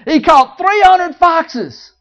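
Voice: extremely high pitch, lively intonation, slow pace. Dramatic storytelling preacher. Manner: dramatic, swinging from loud to hushed; jokes with the congregation. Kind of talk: storytelling sermon. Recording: dull lo-fi recording.

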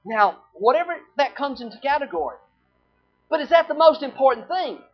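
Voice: sits high, sing-song, fairly quick. A preacher giving a sermon, asking the listeners rhetorical questions, repeating phrases and quoting scripture in old-fashioned wording. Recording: dull lo-fi recording with faint music.

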